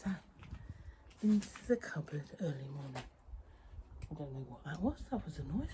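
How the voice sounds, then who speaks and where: A woman's voice: sits low, big pitch swings, normal speed, long pauses. A woman giving a casual, half-whispered vlog tour of her garden and cupboard early in the morning. She chats fondly as she walks, sometimes talking to her cat, with the camera held in her hand. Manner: hushed, half-whispering chatter; chatty and fond, talking to the cat. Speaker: quilting vlogger. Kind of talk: casual vlog walk-around. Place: outdoor garden, then an indoor cupboard. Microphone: handheld phone camera. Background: birdsong and distant traffic.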